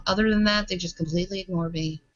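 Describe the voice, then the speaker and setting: A woman's voice: lowish voice, steady tone, quick pace. A woman from the American South with a Minnesota accent, rambling in a live video hangout and breaking off to talk to her children. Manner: scattered, talks to her children mid-stream. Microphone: video call. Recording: dull lo-fi hangout audio.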